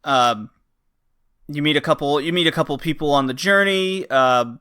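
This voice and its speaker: Bright-voiced man rambling about games. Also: fairly high pitch, normal speed, smooth. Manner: rambling, frequent uh and um, acts out game lines. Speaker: podcast host. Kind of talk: casual game review chat.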